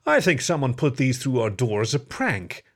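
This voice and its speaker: A man's voice: medium pitch, wildly swooping pitch, moderate pace. A man voicing a nervous, frightened male otter in a storybook reading, anxious and pleading. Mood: uneasy.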